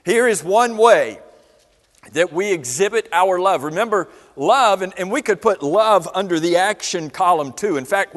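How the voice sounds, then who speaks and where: Male Bible class teacher, higher voice, keeps questioning the class; long echo of a church hall. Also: fairly bright tone. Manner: asks the class many questions.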